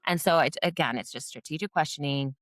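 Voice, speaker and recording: A woman with a low speaking voice talks frankly about coaching teachers, sliding into little acted-out scenes as she goes. The recording is dry and close, with no room sound. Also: brisk, no room sound. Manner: candid, animated, acts out teacher dialogue. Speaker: behavior coach and former dean of students. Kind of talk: podcast interview.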